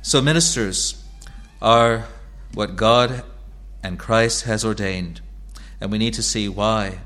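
Speaking to his church as its pastor, a man gives a sermon in a lowish voice with a fairly bright tone. He is earnest and steady, using repetition to underline what matters.

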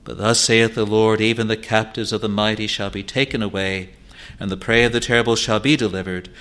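A man preaching a sermon in an earnest, pleading manner, slowing for scripture and rising to emphatic peaks. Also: on the low side, fairly even intonation, a bit bright. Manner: slow, deliberate delivery of scripture.

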